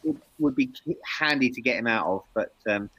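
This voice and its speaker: A man's voice: medium pitch, huge pitch swings, moderate pace, vocal fry, sharp tone, highs cut off. A man co-hosting a casual chat who teases his partner and explains dog behaviour patiently. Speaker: dog trainer co-host. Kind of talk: casual live-stream chat.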